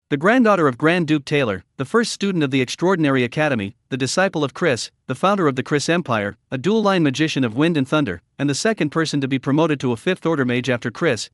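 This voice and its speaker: A man reading a scripted story recap in a steady, even storytelling manner. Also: fairly high pitch, dry recording, clean studio sound. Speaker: recap narrator.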